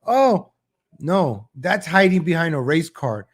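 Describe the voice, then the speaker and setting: A man hosts a political commentary livestream in a somewhat higher voice. He rambles and makes sarcastic asides, restarting his sentences often. He keeps addressing his viewers as "ladies and gentlemen.". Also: normal speed. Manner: mocking mimicry of politicians in a higher voice. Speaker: host of a political commentary show.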